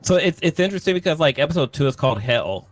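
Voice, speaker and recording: A man's voice: a little high, sing-song, fast talker, dry recording, soft background music. A man co-hosting a podcast in casual chat. He talks in a laid-back, profane way. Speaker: podcast co-host.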